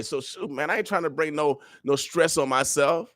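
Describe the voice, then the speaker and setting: On the high side, slightly fast and a bit bright, this man hosts a morning radio show from a studio, and he's from Omaha, Nebraska, USA. His style is an emphatic, motivating sermon laced with repeated "oh yeah"s, recorded dry and clean.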